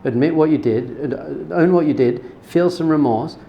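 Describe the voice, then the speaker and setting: A man's voice: on the high side, moderate pace, vocal fry, lo-fi sound, slight background noise. Man teaching a casual religious class. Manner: conversational, repeats words for emphasis, tells personal stories. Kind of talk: informal Torah lesson.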